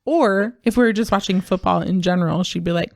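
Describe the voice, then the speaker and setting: A woman in her thirties co-hosting a casual podcast, telling stories with lively energy and mimicking children's voices. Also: on the low side, brisk, gravelly, no echo, studio quality. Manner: animated storytelling, imitates kids' voices. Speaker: podcast co-host. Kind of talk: casual chat.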